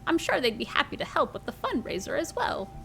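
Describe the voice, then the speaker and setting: Woman voicing doting village grandmother, high and sing-song, cozy game. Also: big pitch swings, a little fast, creaky, fairly bright tone, a little hiss or hum, heavily acted. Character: warm, fussing old grandmother.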